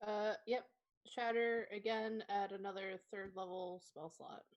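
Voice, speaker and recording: A woman playing a tabletop game, easygoing and quick to laugh. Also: medium pitch, fairly even intonation. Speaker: player. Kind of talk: casual tabletop play.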